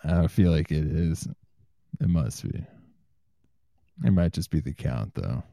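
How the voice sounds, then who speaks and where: Low gravelly laid-back man. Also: expressive, takes it slowly, mellow, no room sound, clean studio sound. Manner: laid-back, swears freely, reads news quotes aloud. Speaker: podcast host. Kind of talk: casual comedic chat.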